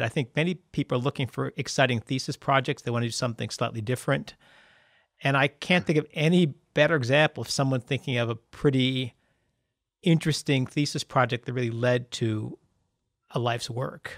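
A man's voice: medium pitch, a bit bright, no echo, studio quality. A man hosting an interview, asking questions in a friendly, chatty way. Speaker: host. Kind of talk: interview conversation.

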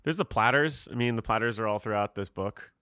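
Podcast co-host, young man from South Florida, low voice, dry close sound, musing and rambling. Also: brisk, bright, forceful tone, smooth, dry recording. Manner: reflective, rambling with many fillers. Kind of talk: casual podcast chat.

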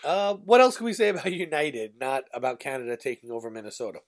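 A man's voice: mid-range voice, fast. A man from New York co-hosting a casual podcast chat, laughing easily and agreeing often. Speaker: podcast co-host.

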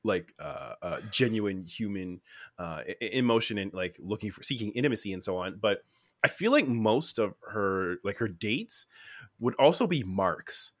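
A man co-hosting a podcast in casual chat, rambling and halting with many restarts. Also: fairly low pitch, expressive, no room sound, studio quality. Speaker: podcast co-host.

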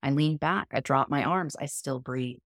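A woman guest on a podcast interview, explaining a method in a calm, measured, coaching tone. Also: very deep voice, vocal fry, no echo, studio quality. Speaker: guest, cold immersion method founder.

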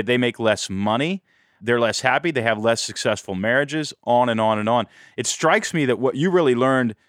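A man hosting an interview, asking energetic questions and explaining ideas thoughtfully. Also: medium pitch, smooth, no room sound, studio quality. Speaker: podcast host.

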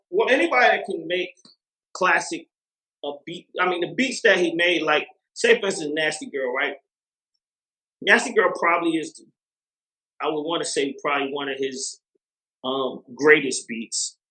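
A man's voice: fairly high pitch, normal speed, pushed and bright. Rambling man in an echoey room. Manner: rambling, many fillers and restarts. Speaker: music producer guest. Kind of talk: casual interview talk.

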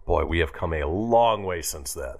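A man's voice: sits low, normal speed, gravelly. A male radio host in casual banter, reading a history segment with joking asides. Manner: lively, reads history segment with quips.

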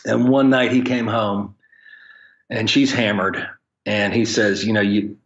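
A man with a fairly low, slightly bright voice speaks slowly, and the sound is lo-fi. Appearing as a podcast guest, he leads a ministry for pastors and tells stories conversationally, frankly, and with blunt, plain-worded humor.

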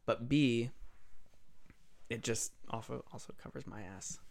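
A man's voice: medium pitch, a little slow, gravelly, a crowd in the background. A young man, an emergency tech, explaining hospital routines in a rambling, self-correcting podcast chat. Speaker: EMS trauma tech, podcast guest. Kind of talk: casual podcast conversation.

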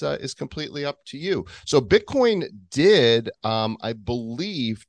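A male podcast host with a lively voice that rises and falls a lot. He talks in emphatic, opinionated bursts, and the recording is close-miked and dry. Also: lowish voice, dry recording. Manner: emphatic, ranting. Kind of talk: casual opinionated chat.

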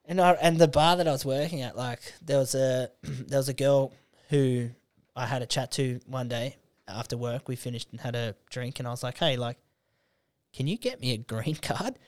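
A young Australian man, a comedian guest, telling stories in casual podcast chat, swearing freely and slipping into quick character voices. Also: medium pitch, fairly even intonation, darkish tone, no room sound.

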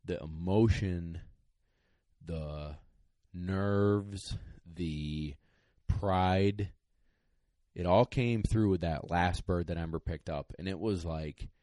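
A man's voice: low-pitched, slow, no room sound. A young man, a dog trainer, casually telling a podcast story in a rambling, emotional way with lots of fillers. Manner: rambling, excited, many fillers.

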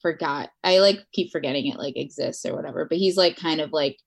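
A woman's voice: sits low, fairly quick, creaky. A woman co-hosting a podcast in casual chat, rambling with lots of filler words. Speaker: podcast co-host.

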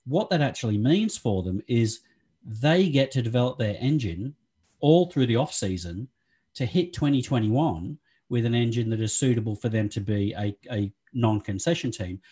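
Husky man chatting casually. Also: medium pitch, expressive, normal speed, warm tone. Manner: chatty, laughs often, trails into restarts. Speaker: podcast co-host. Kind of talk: casual chat.

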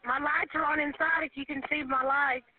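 A high-pitched woman in her forties, crying and pleading on an emergency call. Her panicked voice breaks into nervous laughter. It comes through a thin, tinny phone line. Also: steady tone, fairly quick, no echo. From Arkansas, USA. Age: 40s.

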